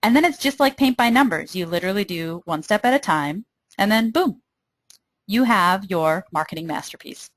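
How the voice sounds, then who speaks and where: A woman's voice: medium pitch, expressive, normal speed, no room sound. Upbeat woman presenting a webinar. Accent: Minnesotan. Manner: upbeat, persuasive, addresses listeners directly.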